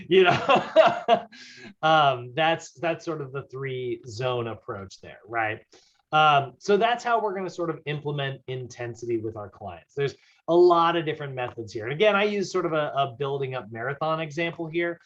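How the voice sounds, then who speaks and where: A man's voice: on the high side, expressive, moderate pace, fairly bright tone. A man teaching a recorded fitness class in a casual, chatty way, full of fillers and tag questions. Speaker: fitness instructor. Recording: slightly dull lo-fi audio.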